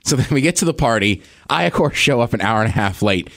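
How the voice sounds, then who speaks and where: A man's voice: mid-range voice, animated, fast talker, a bit bright, no echo, studio quality. A man co-hosting a podcast, telling a story in casual chat and laughing often. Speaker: podcast co-host.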